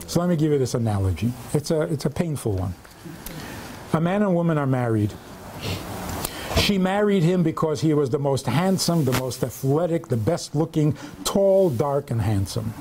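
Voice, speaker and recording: A man's voice: a little high, animated, normal speed, noisy background. A man, a rabbi, giving a humorous lecture to a live audience, telling stories and asking rhetorical questions.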